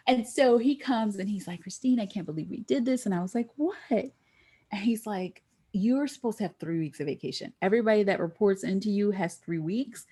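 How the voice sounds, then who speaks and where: A middle-aged woman guest telling a lively story in a podcast interview, acting out the voices of the people she quotes. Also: a little fast, slightly rough. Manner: animated, acts out quoted voices with big pitch jumps.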